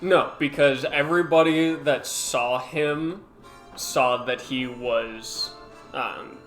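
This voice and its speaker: A man's voice: medium pitch, slow, fairly bright tone, faint music behind. A man playing in a tabletop game, chatting casually and joking between rolls. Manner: joking, laughs between lines. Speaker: player.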